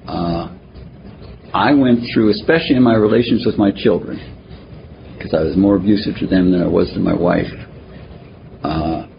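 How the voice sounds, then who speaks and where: Gravelly older man with halting speech. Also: low voice. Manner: halting, self-deprecating, with frequent pauses and fillers. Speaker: speaker at a recovery meeting. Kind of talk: personal testimony at a twelve-step meeting. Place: meeting room. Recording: muffled recording with faint hiss.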